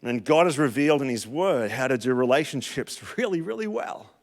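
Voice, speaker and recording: A middle-aged man with an Australian accent preaching a sermon, telling a personal story with emotional, animated delivery and big swings in loudness. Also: mid-range voice, a little fast. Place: church.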